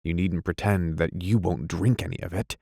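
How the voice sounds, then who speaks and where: A man reading aloud, playing a self-pitying, quick-tempered young husband who drinks, plaintive and flaring. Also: sits low, fairly even intonation, vocal fry, mellow, no echo, clean studio sound. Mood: angry. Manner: plaintive, flaring into weak anger.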